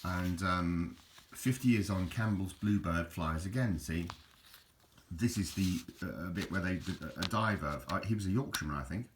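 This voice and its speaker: A man's voice: low voice, moderate pace, a little hiss or hum. An Englishman, chatting casually over photos in a rambling, hesitant way with frequent restarts. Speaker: video host.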